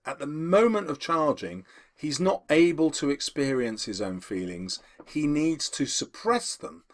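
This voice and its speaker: A man teaching English and working through a poem for students. His voice sits at a middle pitch but moves a lot, rising and falling with emphasis, and he slows down when he reads quoted lines. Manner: lively, emphatic, slows down to read quotations. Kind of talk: explaining poetry analysis to students.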